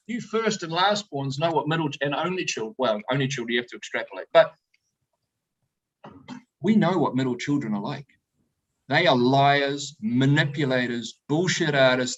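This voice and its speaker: A middle-aged man, a winemaker, telling animated, joking stories to a tasting audience over a video call. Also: fairly high pitch, slightly rough, low-quality recording. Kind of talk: storytelling talk to a tasting audience. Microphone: video call presentation.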